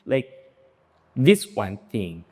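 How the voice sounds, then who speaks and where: Brief: male podcast co-host, low mellow voice, explains with examples and restarts. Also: big pitch swings, very slow, husky. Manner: explanatory, hesitant, restarts while laying out examples. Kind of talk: casual podcast chat.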